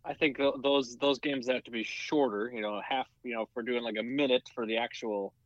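A man's voice: medium pitch, fairly even intonation, a little fast, no room sound, highs cut off. A man co-hosting a podcast, chatting casually with wry jokes. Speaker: podcast co-host. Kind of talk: casual chat.

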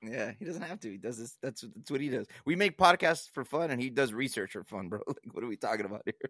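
A man's voice: medium pitch, animated, fast, fairly bright tone, dry recording, studio quality. Rambling, profane young man on a podcast. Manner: rambling, profane, laughs at his own stories. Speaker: podcast co-host. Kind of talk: casual podcast chat.

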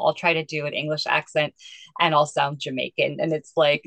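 A woman with a notably low voice who chats in a self-deprecating, good-humored way on a casual podcast. The recording is dry and close. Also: flat delivery, fairly quick, gravelly, fairly bright tone, dry recording. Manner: self-deprecating, chatty, laughs.

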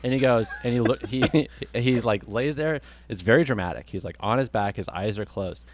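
A man's voice: medium pitch, moderate pace, slight background noise. A man co-hosting a comedy podcast, telling an improvised story with eager laughter. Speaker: podcast co-host.

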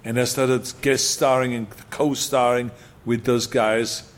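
A man's voice: medium pitch, little pitch movement, a little slow. An older man with an Austrian accent, a guest telling his story in casual talk, emphatic and repeating key phrases for punch.

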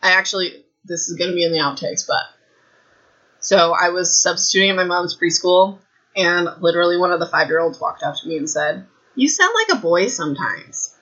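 A woman's voice: fairly low pitch, level tone, a little fast, a bit bright, highs cut off. A young woman hosting a casual book recap podcast from home, chatty and rambling with self-deprecating asides. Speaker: podcast host. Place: home room. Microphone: desk mic.

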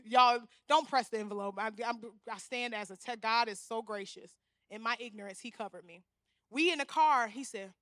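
A woman in her thirties giving an animated, humorous storytelling sermon in a church, speaking straight to the congregation. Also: on the high side, fairly quick, no room sound, clean studio sound. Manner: animated, humorous, talks to the crowd as "y'all".

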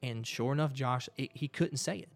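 A man, a guest on a conversational show, telling a personal story in a lively way and often repeating words as he goes. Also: mid-range voice, moderate pace, gravelly.

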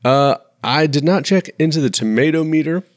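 A man co-hosting a movie podcast, joking around in an animated, chatty way. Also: on the high side, moderate pace, dry recording, studio quality. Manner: animated, jokey, swoops up in surprise. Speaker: podcast co-host. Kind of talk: casual movie podcast chat.

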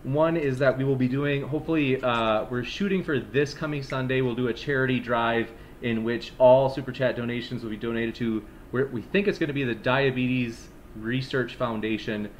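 A man moderating a live stream debate, reading questions in a friendly, hurried way, with some faint noise behind. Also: mid-range voice, fairly even intonation.

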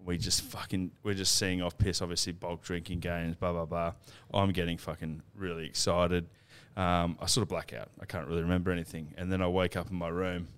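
Deep-voiced Australian man telling stories. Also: little pitch movement, fairly quick, few pauses, smooth. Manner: swears a lot, laughing storyteller. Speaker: podcast co-host. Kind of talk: casual chat, storytelling.

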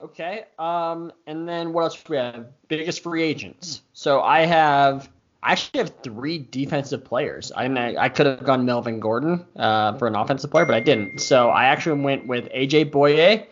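A man's voice: mid-range voice, moderate pace, muffled recording. Easygoing man talking football picks. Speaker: podcast co-host. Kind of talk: casual sports talk.

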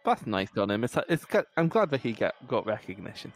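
A man's voice: fairly low pitch, sing-song, fairly quick. A young man co-hosting a casual watchalong podcast, teasing his friends with wry banter. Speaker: podcast co-host.

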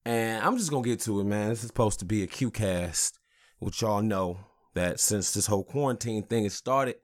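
Angry profane podcast host ranting. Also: male voice, fairly low pitch. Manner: angry, profane, conversational with "you know what I'm saying".

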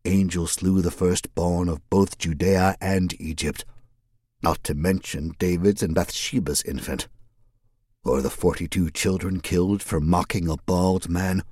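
Villain read: a man doing a low, unhurried East Coast zealot, husky and eerily pleased. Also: dry recording, studio quality. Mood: calm menacing. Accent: East Coast American. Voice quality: low, relaxed, almost casual. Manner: slow, measured, eerily pleased. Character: cultured, calm male religious killer.

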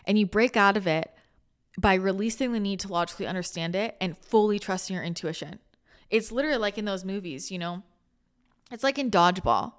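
A woman's voice: mid-range voice, a little fast, smooth. A woman hosting a spiritual podcast, talking in a chatty, rambling way with many restarts, emotional and close to tears. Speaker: spiritual channel and podcast host. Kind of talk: casual spiritual talk.

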